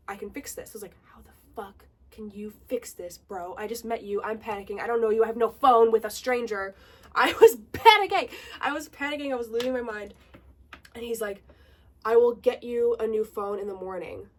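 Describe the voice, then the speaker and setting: A young woman vlogger telling a story in a casual get-ready-with-me video, chatty and animated, with lots of "like". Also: mid-range voice, distant mic.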